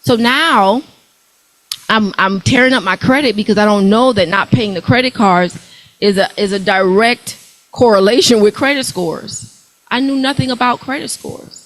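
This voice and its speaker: Female workshop speaker, young adult, lively preachy delivery working the room. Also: mid-range voice, moderate pace, low-quality recording. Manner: animated, preachy, calls out to the crowd. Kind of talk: motivational talk to a live audience.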